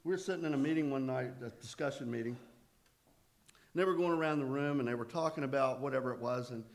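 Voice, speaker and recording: A man's voice: medium pitch, fast talker. Man telling a recovery story with humor. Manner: conversational, self-deprecating humor. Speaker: speaker at a recovery meeting.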